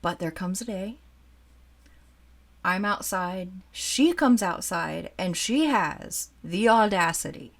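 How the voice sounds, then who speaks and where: A woman in her forties who collects dolls, telling a childhood story in a chatty, animated way while showing a doll to the camera. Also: on the low side, creaky. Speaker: doll collector and channel host. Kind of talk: casual storytime chat.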